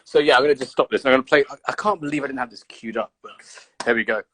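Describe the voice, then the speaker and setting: Bright-voiced, sweary man hosting. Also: mid-range voice, racing, a little hiss or hum. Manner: laid-back, sweary banter. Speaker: host. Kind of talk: casual chat on a livestream. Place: home. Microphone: phone.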